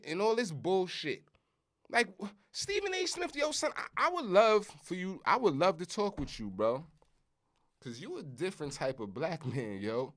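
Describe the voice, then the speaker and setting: This podcast host is a middle-aged man from Brooklyn, his New York accent thick as he holds forth in a casual monologue at normal speed. Emphatic and animated, he lets his pitch leap around and punctuates points with swearing and "you heard?"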